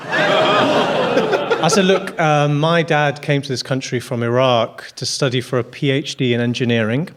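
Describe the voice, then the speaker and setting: A man from the West Midlands, a comedian guest on a panel show, telling a comic anecdote with hesitant, stumbling pauses. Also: medium pitch, expressive, a bit bright. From West Midlands, England.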